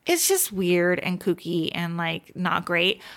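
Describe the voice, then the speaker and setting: A woman co-hosting a podcast, chatting casually and enthusiastically about TV shows she has been watching, with lots of "like" and quick asides. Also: lowish voice, big pitch swings, a bit bright. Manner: chatty and enthusiastic, many fillers. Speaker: podcast co-host.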